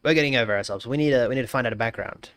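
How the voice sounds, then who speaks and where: A man's voice: mid-range voice, racing, fairly bright tone, clean tone, no echo, clean studio sound. An Australian man live-streaming, casually greeting chatters and thinking aloud while he works, often repeating his phrases.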